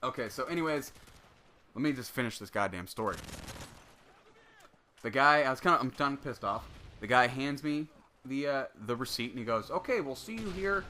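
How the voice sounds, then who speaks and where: A man's voice: medium pitch, moderate pace, pauses often, sharp tone, a little hiss or hum. A young man giving casual solo game commentary, telling a rambling, profanity-laced story. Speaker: gameplay commentator.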